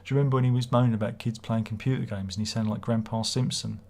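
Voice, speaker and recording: A man's voice: lowish voice, steady tone, fast talker, warm tone. A man hosting a casual livestream, rambling and swearing as he reads viewer comments aloud. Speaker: livestream host.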